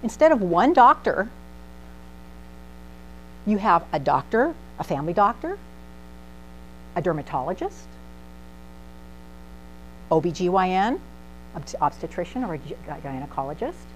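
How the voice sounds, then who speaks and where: A middle-aged woman pharmacist gives a humorous talk in a lowish voice, at a measured pace with long pauses. She is animated and acts out voices in her anecdotes. The recording is rough, with a faint mains hum.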